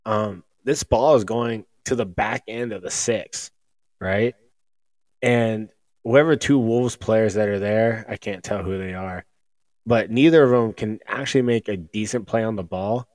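A man's voice: fairly low pitch, unhurried, a little mellow, no room sound. A man guesting on a sports talk show, speaking in a loose, rambling way with lots of restarts. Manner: rambling, many restarts and fillers. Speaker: podcast guest. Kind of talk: casual sports chat.

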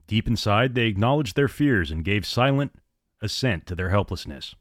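A man narrating an audiobook with steady, dramatic storytelling. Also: fairly low pitch, normal speed, dry recording, clean studio sound.

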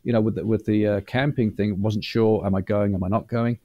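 A man guest telling long, lively anecdotes in a casual interview, acting out quotes as he goes. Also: on the low side, fairly quick, no echo, muffled recording. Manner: chatty, animated storyteller, acts out quotes. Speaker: guest, former reality show butler.

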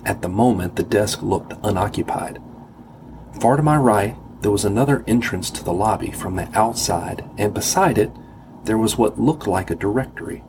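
Low-voiced man narrating a story. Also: moderate pace, noisy background. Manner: wry, self-deprecating. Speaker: audiobook narrator. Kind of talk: first-person scripted narration.

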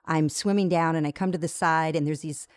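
A woman guest tells a long personal story in an animated way, stumbling and restarting as she goes. Her voice sits a little low for a woman. The recording is close and dry, with no room sound. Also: fairly quick, no room sound. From United States. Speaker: interview guest, yoga teacher. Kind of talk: storytelling in a conversation.

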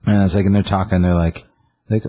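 A man's voice: sits low, flat delivery, fairly quick, mellow. A man chatting casually, retelling a comic book plot in a rambling way, full of fillers and acted-out lines. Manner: rambling, filler-heavy, acts out characters' lines.

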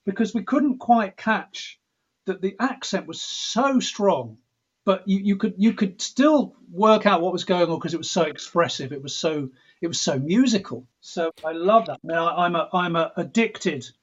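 Husky English man, musing aloud. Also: high-pitched, normal speed. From England. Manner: reflective, restarts sentences, mimics accents playfully. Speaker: composer interviewed as guest. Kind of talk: thoughtful interview talk. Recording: dull lo-fi audio.

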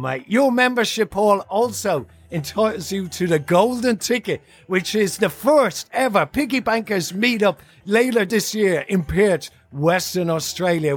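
A man hosting a podcast in a playful, jokey, upbeat way, with a scripted intro and preview. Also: high voice. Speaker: podcast host.

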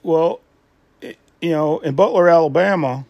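A man's voice: on the high side, normal speed, gravelly, no echo, lo-fi sound. A man hosting a casual podcast, rambling with many restarts and asides. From Michigan. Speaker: podcast host. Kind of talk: casual solo podcast talk.

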